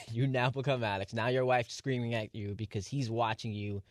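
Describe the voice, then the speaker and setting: A man's voice: medium pitch, steady tone, normal speed, dry recording, studio quality. A man co-hosting a sports radio show, casually ribbing the host. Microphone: studio microphone.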